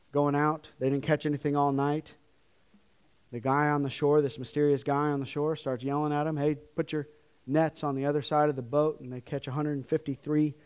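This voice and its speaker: Animated male preacher, higher voice. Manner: animated, swings from loud to hushed. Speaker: pastor. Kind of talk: sermon.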